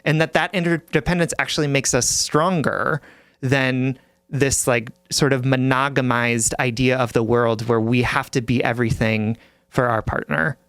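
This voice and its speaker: A podcast co-host chatting casually, playful and quick to laugh, chiming in with short replies. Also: medium pitch, steady tone, a bit bright, clean tone, dry recording. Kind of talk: casual advice chat.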